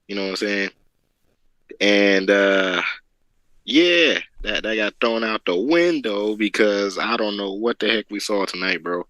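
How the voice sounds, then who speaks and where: A man's voice: on the low side, measured pace, fairly bright tone, dry recording, poor audio. A man co-hosting a wrestling chat, ranting and repeating himself as he talks. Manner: repetitive, stammering, ranting. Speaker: wrestling podcast co-host. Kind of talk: casual chat.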